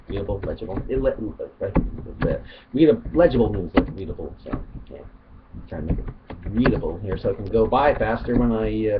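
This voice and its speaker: A man casually reading from his own writing, rambling and hesitant with many fillers. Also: lowish voice. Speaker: video author. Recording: dull lo-fi home recording, faint noise.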